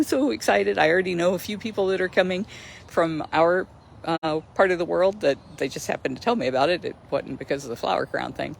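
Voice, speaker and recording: Her voice is fairly low and gravelly, with slight background noise, as she hosts a casual sanctuary livestream outdoors by a lake. Chatty and enthusiastic, she laughs often while talking into her phone.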